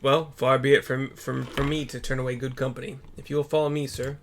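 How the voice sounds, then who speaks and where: A man voicing a kindly, formal male elder in a deep voice with a British accent. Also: level tone, a little fast, a little hiss or hum, close to an everyday voice. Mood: earnest. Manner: old-fashioned formal speech.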